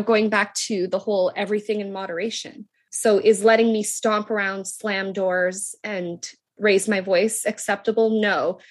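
A woman in her thirties talking in a casual podcast conversation, reflective and measured, explaining her view at length. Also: medium pitch. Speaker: podcast guest, daughter and teacher.

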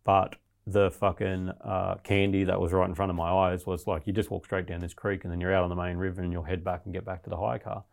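A man with a low, gravelly voice tells his story as an interview guest. He talks bluntly and rambles, swearing freely, with a rough fry under his words. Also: little pitch movement, fast, few pauses.

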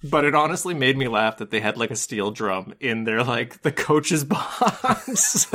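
A man co-hosting a casual movie podcast, joking and animated. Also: medium pitch, unhurried. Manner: animated, joking, mock voices. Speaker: podcast co-host. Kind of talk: casual comedic film discussion.

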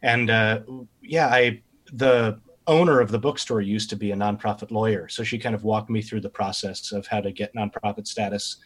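A man from Long Island, a podcast guest, answering questions in a halting way with fillers and soft laughs. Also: fairly low pitch, steady tone. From Long Island, New York. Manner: hesitant, starts over with fillers and laughs. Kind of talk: casual interview chat.

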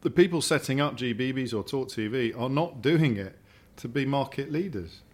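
Expressive and mid-range, this middle-aged man's voice moves at normal speed as he tells stories over dinner in a home dining room. The chat is casual, and he often repeats words as he thinks.

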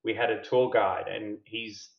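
A man's voice: on the low side, steady tone, unhurried, creaky. A middle-aged man tells a self-deprecating personal story as a podcast guest, candid and laughing at himself. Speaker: company founder and CEO, podcast guest. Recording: roomy, slightly dull podcast audio.

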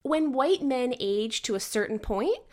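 A woman co-hosts a casual podcast. She gives blunt opinions with deadpan humor. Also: high voice, measured pace. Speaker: podcast co-host. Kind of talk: casual chat.

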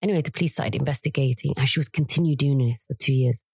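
A young woman co-hosting a casual chat podcast, retelling a story in a husky voice. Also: extremely low pitch, fast talker, a little mellow, dry recording. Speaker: podcast co-host.

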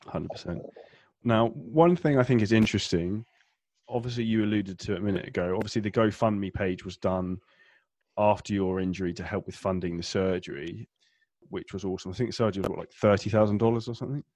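A man's voice: on the low side, brisk, darkish tone, no room sound. A man hosting a casual interview and asking open, conversational questions. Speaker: podcast host.

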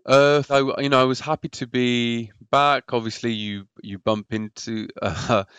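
A man's voice: mid-range voice, steady tone, measured pace, a bit bright, smooth, no room sound. A man telling his own story as a podcast guest, hesitant and often repeating words. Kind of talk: personal story in a podcast interview.

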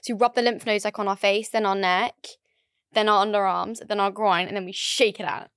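A woman with a mid-pitched voice talks animatedly in casual chat with her co-host. Her voice is close and dry, with no trace of the room. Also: brisk, smooth, no echo. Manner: animated, chatty. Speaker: podcast co-host. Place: indoor studio room.

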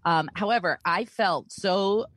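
A woman's voice: medium pitch, a little slow, fairly bright tone, breathy edge. A woman chatting casually on a podcast, rambling and self-conscious, often laughing at herself. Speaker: guest co-host.

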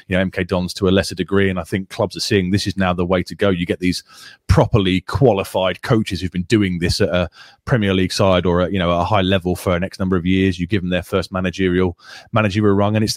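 English man, podcast co-host, quick delivery, lowish voice, dry close mic. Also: no echo. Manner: fast, chatty, full of stats. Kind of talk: casual football chat.

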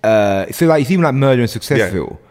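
A man's voice: medium pitch, expressive, quick pace, darkish tone, long reverb tail. A man hosting a podcast, asking eager questions and backing the guest with lots of yeahs and the odd swear. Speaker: podcast host. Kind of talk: casual podcast chat.

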